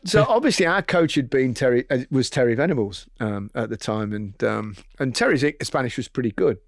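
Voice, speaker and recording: A man hosting a casual chat, telling stories in a relaxed way and laughing easily. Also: medium pitch, fairly quick, no echo, clean studio sound. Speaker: podcast host.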